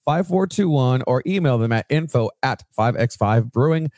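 A man's voice: medium pitch, expressive, normal speed, a little mellow, no echo, clean studio sound. A man co-hosting a podcast, reading sponsor plugs and chatting casually with asides and swearing. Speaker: podcast co-host.

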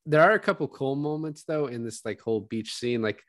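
A man's voice: mid-range voice, brisk, no echo, studio quality. A man co-hosting a podcast, chatting casually about a movie, laughing often and swearing as he acts out quotes. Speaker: podcast co-host.

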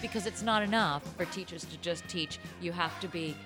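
A woman co-hosting a comedy podcast tells rambling, giggly stories packed with silly wordplay in a casual comedic chat. Her voice is lowish and fairly quick, with music playing in the background.

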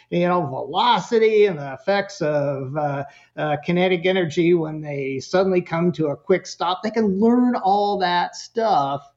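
A man chatting casually as a guest expert, animated and joking as he tells stories and acts out bits of dialogue. The audio is muffled and lo-fi, like a podcast recording. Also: high-pitched. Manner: animated storyteller, acts out voices, jokey. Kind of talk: casual interview chat.

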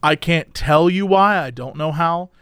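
A man telling a story in casual chat, animated and exasperated, swearing now and then. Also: on the high side, unhurried, smooth, no room sound, clean studio sound. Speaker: podcast host telling a story.

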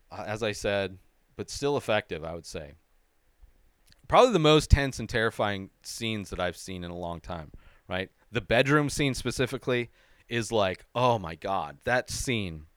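Excitable man casually reviewing a movie. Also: lowish voice, clear, resonant tone, dry recording, studio quality. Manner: excitable and swears freely, often tags "right?". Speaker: movie review show host.

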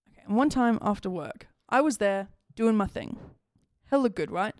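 A woman's voice: mid-range voice, expressive, normal speed, a little mellow, no echo, clean studio sound. A young woman telling a story in casual chat, laughing often and swearing. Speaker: podcast co-host.

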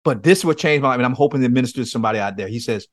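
Rapid-fire and lively in intonation, a man of medium pitch speaks as a podcast guest. He's a men's coach giving conversational testimony, earnestly telling his own story and acting out the pleas he made. The sound is studio quality with no room sound.

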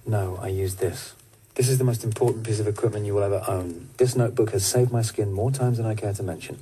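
A man's voice: lowish voice, quick pace, dark tone, husky. An actor playing a self-assured man who lectures someone about his notebook in a film scene. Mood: smug.

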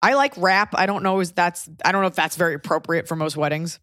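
A woman with a lowish voice hosts a casual podcast, spinning rambling, joking stories and tossing in the odd swear word. The mic is close and dry, with no room sound. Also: quick pace, fairly bright tone, no room sound. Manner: chatty, loose storytelling with jokes and swearing. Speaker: podcast host. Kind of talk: casual chat.

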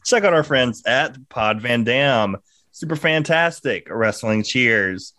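A man's voice: mid-range voice, animated, takes it slowly, bright, forceful tone, dry recording. A young man from Georgia co-hosting a podcast, telling a crude story with lots of laughter. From Georgia, USA. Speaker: podcast co-host. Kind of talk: casual podcast banter.

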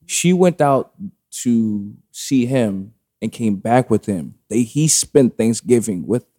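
Warm and animated, this man's mid-range voice moves at a slow pace. Appearing as a podcast guest, he spins a long personal story in a rambling, casual way, with plenty of fillers and swearing.

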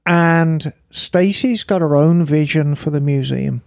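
A man's voice: a little high, slow, gravelly, dry recording, clean studio sound. A man co-hosting a motorcycle podcast, chatting casually and telling rambling stories. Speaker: podcast co-host. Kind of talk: casual chat.

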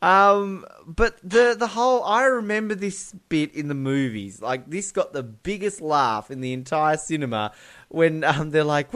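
A man's voice: fairly high pitch, normal speed, fairly bright tone. Laughing man. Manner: laughs often, acts out lines from scenes. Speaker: film podcast co-host. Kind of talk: casual film discussion.

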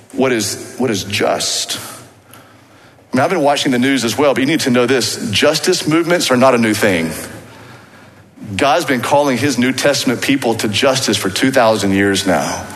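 A man's voice: medium pitch, a bit bright. Male pastor, earnest sermon with emphatic build, lingering church-hall reverb. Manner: earnest, rising to emphatic exhortation. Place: church sanctuary.

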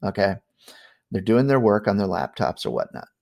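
A middle-aged man casually telling a spooky family story on a podcast, animated and full of fillers. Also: fairly low pitch, moderate pace, creaky. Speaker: guest storyteller.

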